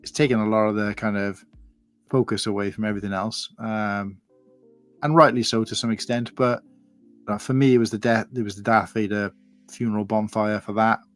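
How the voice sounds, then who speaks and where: A man's voice: lowish voice, fairly even intonation, normal speed, no room sound, soft background music. Chatty man on a livestream. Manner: rambling, loose and conversational, with restarts. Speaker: guest panelist. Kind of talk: casual chat on a livestream.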